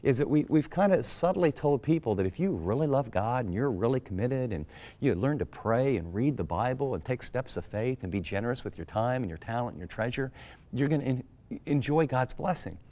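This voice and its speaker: A man's voice: medium pitch, animated, a little fast, warm tone. A middle-aged American man, a pastor, giving an earnest conversational Bible teaching that he explains through questions. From United States.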